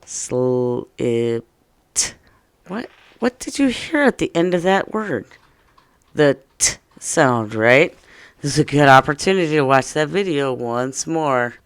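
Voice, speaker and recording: Woman teacher, slow and playful, clear smooth voice, dry quiet room. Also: deep voice, sing-song, no echo. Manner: slow, playful, speaks to young children. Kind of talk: first-grade phonics lesson.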